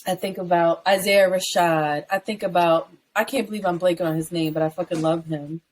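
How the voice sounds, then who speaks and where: A woman co-hosting a podcast in casual chat, animated and rambling, swearing freely and jumping up high when she riffs. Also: brisk, slight background noise. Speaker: podcast co-host.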